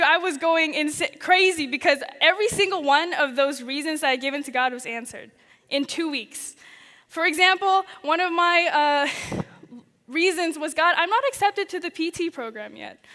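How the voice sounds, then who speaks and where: A young woman tells her own story at a chapel service, animated and laughing often as she acts out her past thoughts. Her voice sits high and sounds bright. The sound rings with the long reverb of a big hall. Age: young adult. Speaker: student chapel speaker. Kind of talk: personal testimony talk. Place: large chapel.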